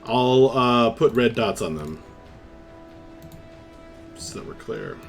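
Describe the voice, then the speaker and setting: A man runs a tabletop game as dungeon master, his pitch rising and falling in animated sweeps as he describes the action. He narrates vividly and leans on fillers along the way. Faint music plays behind him. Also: slow pace, gravelly.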